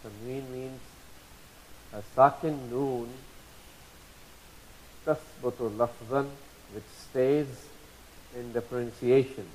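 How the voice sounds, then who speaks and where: Patient man teaching, soft hiss. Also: mid-range voice, fairly even intonation, poor audio. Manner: patient, repeats terms slowly, asks checking questions. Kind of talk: explanatory lesson.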